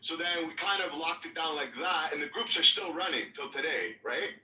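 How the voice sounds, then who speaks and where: A man's voice: a little high, normal speed. A man telling a rambling, profane story in casual talk, full of fillers and acted-out quotes. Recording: echoey room, distant mic, dull sound.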